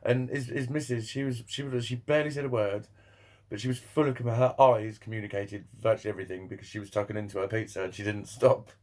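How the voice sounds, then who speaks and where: A man's voice: lowish voice, steady tone, quick pace, darkish tone. A young man chatting casually to camera, rambling and swearing, laughing often between thoughts. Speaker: vlogger.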